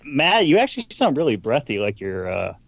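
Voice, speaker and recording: A man's voice: mid-range voice, wildly swooping pitch, a little fast, gravelly, muffled recording, crowd noise. A man co-hosting a podcast in casual banter, ribbing his friends in a wry tone. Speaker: podcast co-host.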